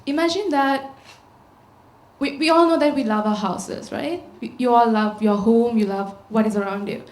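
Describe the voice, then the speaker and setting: A woman's voice: fairly high pitch, moderate pace, darkish tone. Sri woman giving a talk. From Sri Lanka. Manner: storytelling, posing rhetorical questions to the audience. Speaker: conference speaker. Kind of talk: public talk. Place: large auditorium. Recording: echoey auditorium sound.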